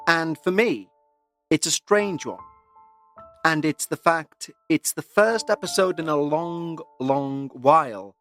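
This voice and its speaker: A man hosting a paranormal podcast, speaking in an earnest, measured way. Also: fairly high pitch, a bit bright. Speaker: podcast host. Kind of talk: scripted paranormal podcast narration.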